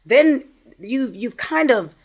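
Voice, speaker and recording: Loud, energetic woman teacher. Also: high voice, takes it slowly. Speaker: high school science teacher, guest. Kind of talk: casual conversational interview.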